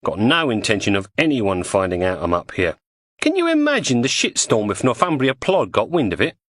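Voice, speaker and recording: A man's voice: medium pitch, wildly swooping pitch, fairly quick, a bit bright, no echo, pitched above the performer's own voice. A man voicing a bossy, volatile woman crook with an Estuary English accent, breezy and mocking.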